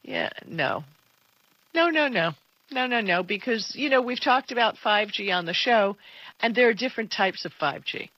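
A woman co-hosting a tech talk show in casual chat, emphatic and quick to laugh. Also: mid-range voice, animated, no echo. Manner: chatty, laughs often, emphatic. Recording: dull lo-fi dry sound.

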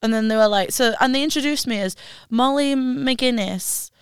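Woman, podcast co-host, smooth clear voice, dry close sound, laughing storyteller. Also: a little high, moderate pace, no room sound. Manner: storytelling, laughing, mimics others' lines. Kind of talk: casual chat.

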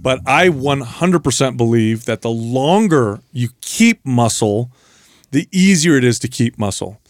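A man co-hosts a fitness podcast on a close studio mic. His voice sits at a middling pitch, and the sound is dry with no room echo. He lays out his points patiently and leans on key words. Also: lively intonation, unhurried. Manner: explains and retells stories with emphasis. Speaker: podcast co-host. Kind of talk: casual fitness podcast talk.

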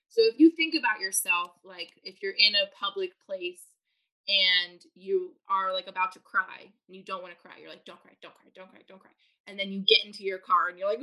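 On poor-quality audio, a medium-pitched female parenting coach explains her ideas during a podcast interview. She's lively, voicing what parents think and say as if she were them.

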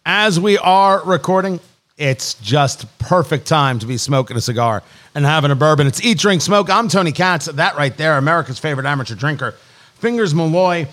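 A man hosting a casual podcast, talking in animated, joking bursts. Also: a little high. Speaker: podcast host. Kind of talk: casual chat.

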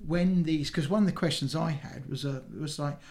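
A man co-hosting a podcast, chatting casually and often pausing with fillers and restarting his sentences. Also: a little high, darkish tone. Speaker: podcast co-host. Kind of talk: casual chat.

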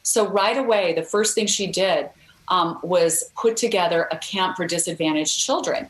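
A woman's voice: on the low side, normal speed, slight background noise. A middle-aged woman, a guest author, telling a story earnestly in a podcast interview, with fillers and restarts. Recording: roomy echo.

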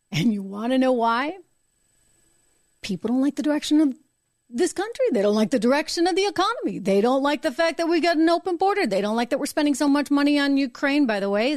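A woman hosting a live-streamed political show, talking emphatically and indignantly, repeating her points and jumping higher in pitch when worked up. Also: no room sound, studio quality. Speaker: political talk show host.

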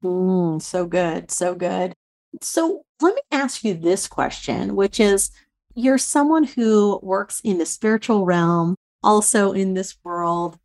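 Chatty woman host w/ a gravelly voice, super affirming, casual interview. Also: medium pitch, lively intonation, takes it slowly, darkish tone. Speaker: show host.

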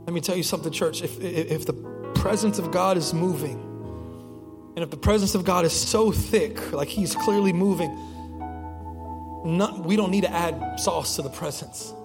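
A man's voice: high voice, normal speed, long reverb tail, over music. A young man preaching a sermon as pastor, telling stories in a conversational way with frequent restarts. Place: church sanctuary.

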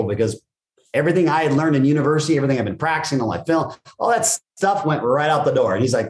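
A middle-aged man, a guest in a podcast interview, telling stories energetically and swearing casually. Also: on the high side. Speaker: guest, business coach. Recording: roomy echo.

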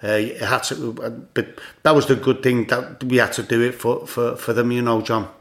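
A man's voice: mid-range voice, flat delivery, normal speed, fairly bright tone. A man in his sixties with a Liverpool Scouse accent, a former footballer telling stories as a guest, with many repeated words and "you know"s. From Liverpool, England. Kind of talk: anecdotal storytelling.

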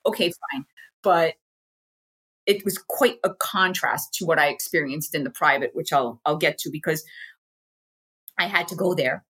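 A woman's voice: sits low, moderate pace, pauses often, a bit bright, breathy edge. An American woman, an interview guest, chatting frankly and casually about a personal experience and acting out what people said to her. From United States.

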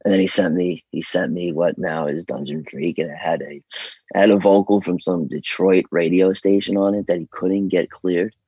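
A man's voice: deep voice, fairly even intonation, moderate pace, mellow, breathy edge, no room sound, highs cut off. A man from New York with an American accent, chatting loosely as a guest vocalist, rambling and swearing freely. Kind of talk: casual interview chat.

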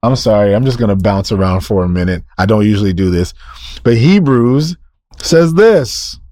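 A male preacher with a fairly low, warm voice and lively intonation delivers an emphatic sermon at a moderate pace. He fires off rhetorical questions, answers them himself, and repeats key phrases. The studio sound is clean, with no echo.

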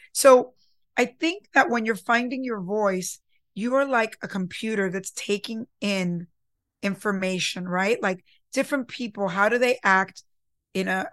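A woman's voice: medium pitch, a bit bright, dry recording. Woman talking earnestly about confidence, plays out her own inner voice, dry close sound. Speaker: podcast host. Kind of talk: casual motivational talk.

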